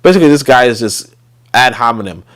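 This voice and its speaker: Rambling man with a lively voice. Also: medium pitch, quick pace. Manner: rambling, many fillers, trails off. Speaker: host. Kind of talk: casual commentary livestream.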